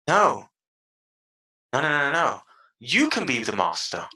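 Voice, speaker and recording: A man as a podcast guest giving emphatic advice, acting out inner voices with big jumps in pitch. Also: very animated, slow pace, sharp tone, poor audio. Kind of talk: animated interview talk.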